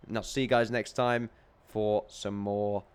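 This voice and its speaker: A man's voice: lowish voice, flat delivery, a little slow, clean tone. A young English man commentating his video game play in a rambling, jokey way, chuckling often. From England. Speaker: let's play host.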